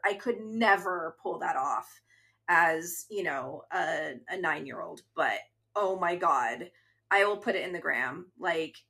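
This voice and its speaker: Bright, chatty woman in her thirties. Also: on the low side. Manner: earnest and chatty, reads episode summaries aloud. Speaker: podcast co-host. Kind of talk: casual chat.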